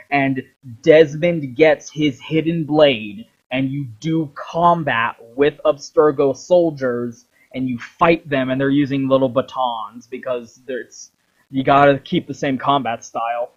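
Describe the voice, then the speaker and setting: In a rambling game commentary video, a young male host speaks in a mid-range voice, cursing freely and performing the lines he quotes. The high frequencies are cut off.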